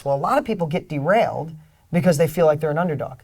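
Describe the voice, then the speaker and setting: Fired-up motivational man, loud and soft swings. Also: fairly high pitch, animated, rapid-fire. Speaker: guest, author and speaker. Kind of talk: energetic motivational interview talk.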